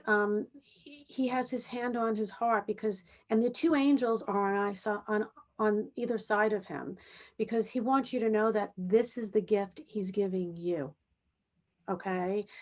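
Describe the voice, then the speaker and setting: A woman who hosts a podcast as a spiritual medium. She speaks gently and reassuringly, often checking in with "okay?". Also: medium pitch, a little slow. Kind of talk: podcast interview with psychic reading.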